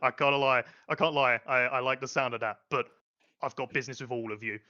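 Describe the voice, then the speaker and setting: Bloke voicing a loud angry arena brute, blunt, bright edge, dull mic. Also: male voice, medium pitch, fairly even intonation, brisk, pitched below the performer's own voice, natural voice. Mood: smug. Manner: blunt and shouty, barks demands. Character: angry brutish male arena fighter.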